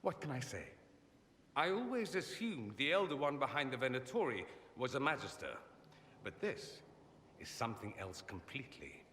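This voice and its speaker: A man's voice: mid-range voice, sing-song, normal speed, pushed and bright, long reverb tail, a little hiss or hum. An actor voicing a witty, vain male mage in a video game, sardonic and theatrical, by turns playful and grave. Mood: wry.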